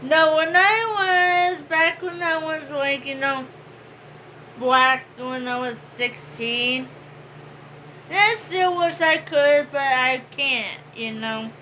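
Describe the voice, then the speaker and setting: A woman's voice: high voice, slow pace, pushed and bright, a little hiss or hum, rough recording. A woman co-hosting a home vlog, chatting casually and rambling with many fillers. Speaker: vlog co-host. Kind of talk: casual chat.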